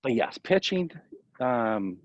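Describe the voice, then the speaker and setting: A man who is a baseball coach, talking casually in an interview and giving tips in a rambling, animated way full of fillers. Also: mid-range voice, slow pace. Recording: dull, lo-fi, dry sound.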